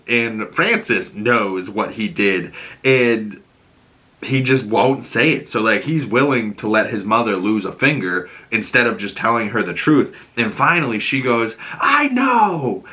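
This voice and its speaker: Boston guy breaking down a tv episode, lowish voice, jumps into the characters' lines. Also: a little slow. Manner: animated, acts out characters' lines in raised voices. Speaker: TV show reviewer. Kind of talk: casual recap and commentary.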